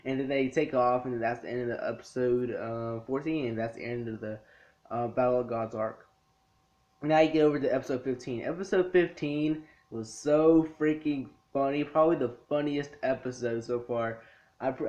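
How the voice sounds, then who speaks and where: A man's voice: mid-range voice, fairly even intonation, a little mellow, muffled recording. A man casually reviewing anime episodes in his room, rambling and acting out characters' lines. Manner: rambling, acts out characters' lines in quick bits. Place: his own room lit by a TV.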